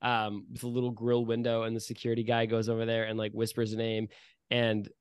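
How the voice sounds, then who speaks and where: Dude running a dnd game, playful narration, lots of ums, mid voice, dry sound. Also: male voice, medium pitch, completely flat delivery, a little fast, clean tone, dry recording. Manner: vivid, playful scene-setting with frequent fillers. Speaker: game master.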